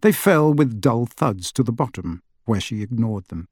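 With a medium-pitched voice at normal speed, a man reads a scripted audiobook, telling the story expressively. The sound is studio quality, with no echo.

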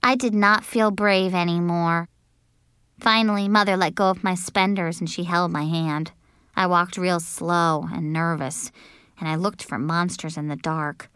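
A woman narrating a children's book in an animated, childlike first-person manner. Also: fairly low pitch, unhurried, clean tone, no echo, studio quality. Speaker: audiobook narrator. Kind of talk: expressive storybook narration.

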